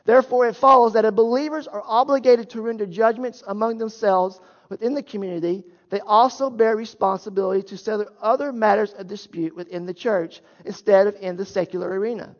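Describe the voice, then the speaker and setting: High-pitched guy preaching in church, earnest, lots of rhetorical questions, muffled lo-fi sound. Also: fairly even intonation, brisk, hardly any pauses. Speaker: pastor. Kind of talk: sermon. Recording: echoey hall, dull lo-fi sound.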